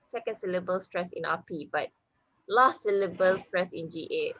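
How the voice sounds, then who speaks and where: A woman's voice: lowish voice, moderate pace, a bit bright, husky, rough recording. A woman student reading a phonetics presentation, going a bit hesitantly through word lists.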